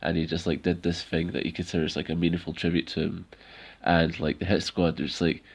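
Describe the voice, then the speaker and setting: A man chats casually as a podcast co-host, wandering through his points with constant filler words. His voice sits very low and has a gravelly, fry-laden edge. He laughs easily between his thoughts. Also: little pitch movement, a little fast. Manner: rambling, many "like" fillers, laughs often. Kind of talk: casual chat recapping wrestling.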